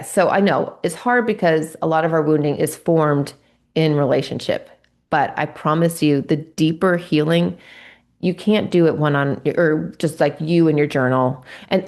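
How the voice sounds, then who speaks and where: A woman's voice: low voice, a little mellow. A woman hosting her own faith-based podcast, speaking in an earnest, confiding way with many restarts. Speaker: podcast host; Christian trauma-informed coach.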